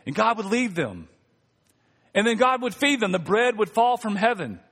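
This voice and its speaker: A man's voice: sits high, big pitch swings, moderate pace, fairly bright tone, in a large hall. A male pastor preaching a sermon in a conversational, humorous way, calling on the congregation to respond. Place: church sanctuary.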